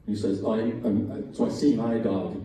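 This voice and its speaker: A man's voice: fairly low pitch, moderate pace, mellow, a little hiss or hum. A man telling a string of jokes at a talent show in a folksy storytelling way, giving the quoted lines small voice shifts. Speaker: joke teller at a college talent show. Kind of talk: stand-up joke telling. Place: event hall at a talent show. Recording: very echoey hall from far off. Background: faint room ambience, audience laughs.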